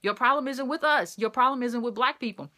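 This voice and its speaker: A woman's voice: on the high side, a little fast, pushed and bright. A woman giving impassioned opinion commentary, repeating phrases for emphasis.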